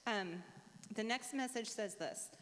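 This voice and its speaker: A woman's voice: on the high side, measured pace, a bit bright, long reverb tail, a little hiss or hum. A woman hosting a panel discussion, reading listener messages aloud in an earnest manner, with a lingering cough. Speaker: host.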